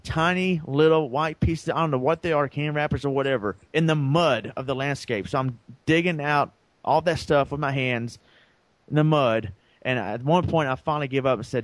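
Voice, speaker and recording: Brisk and a little high-voiced, a man co-hosting a podcast tells a long story in a rambling, casual way, with no room sound. He acts out the lines of the people in it.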